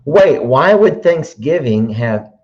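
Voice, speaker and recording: A middle-aged man hosts a live stream, chatting casually in a teacherly manner with lively intonation and a slow pace. His mid-range voice is a little mellow, and the recording has a dull lo-fi quality.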